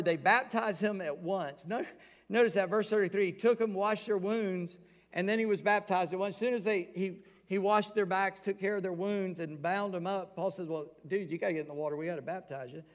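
Male pastor, sermon delivery, gravelly and slightly high, conversational, recorded in a reverberant church hall. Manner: conversational preaching, acting out quoted voices. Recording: long reverb of a large hall.

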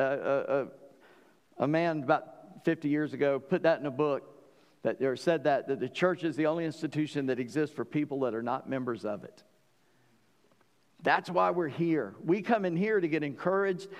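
A man's voice: a little high, normal speed, in a large hall. A man preaching a sermon as pastor. He talks earnestly, often stumbles and restarts, and builds to emphatic peaks.

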